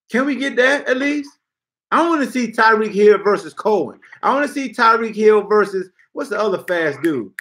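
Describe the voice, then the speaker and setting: A man's voice: sits high, fairly bright tone. A man hosting a sports podcast, ranting bluntly in casual slang. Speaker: podcast host. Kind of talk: casual sports talk rant.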